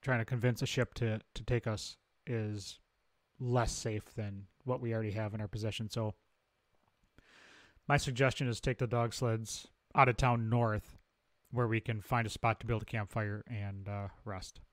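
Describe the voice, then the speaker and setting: A man's voice: lowish voice, flat delivery, moderate pace, no room sound. A man playing a tabletop game, talking through plans in a loose, chatty way. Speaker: player. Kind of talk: casual tabletop play.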